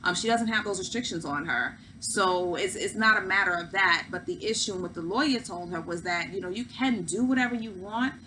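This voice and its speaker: Bright-voiced woman recapping a show. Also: mid-range voice, a little fast, hardly any pauses, slight background noise, poor audio. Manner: chatty, opinionated, many fillers. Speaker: host. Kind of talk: casual recap commentary.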